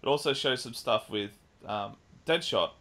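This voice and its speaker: A man co-hosting a podcast, casually recapping a film with lively retelling and the odd swear. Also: medium pitch, moderate pace. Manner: animated retelling with swearing and mimicked lines. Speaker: podcast co-host. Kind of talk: casual chat, film review.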